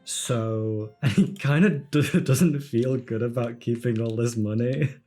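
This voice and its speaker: A man's voice: mid-range voice, slow, mellow, faint music behind. A man playing in a tabletop game, thoughtful and a little hesitant. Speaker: player. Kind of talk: casual tabletop play.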